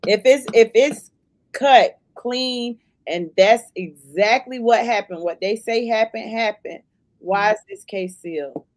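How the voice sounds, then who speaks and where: A woman's voice: fairly high pitch, unhurried, darkish tone, dry recording, poor audio. A woman co-hosting a casual livestream who mostly backs up the host with short agreements.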